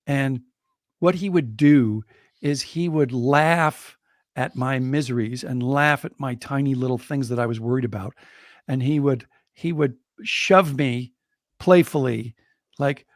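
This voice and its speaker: A man's voice: mid-range voice, measured pace, no echo, studio quality. A man co-hosting a podcast, telling a reflective personal story in a conversational way. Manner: reflective, animated when quoting others.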